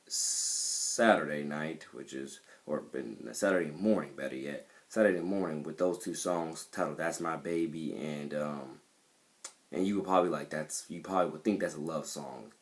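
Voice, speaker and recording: Man with a very low voice, casual self-assured monologue, rambling with fillers. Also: fairly bright tone. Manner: rambling, repeats himself, many fillers; self-assured about his music. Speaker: independent rapper.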